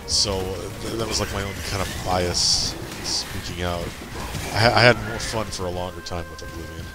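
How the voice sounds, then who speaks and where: A man's voice: low voice, fairly even intonation, moderate pace. A man playing a game on a stream, rambling loosely in casual chat with some swearing, game music behind.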